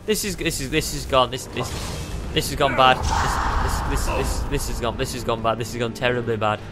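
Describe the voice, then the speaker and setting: A man giving excitable let's play commentary, yelping and tossing out goofy exclamations. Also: mid-range voice, moderate pace, over loud music. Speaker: gamer.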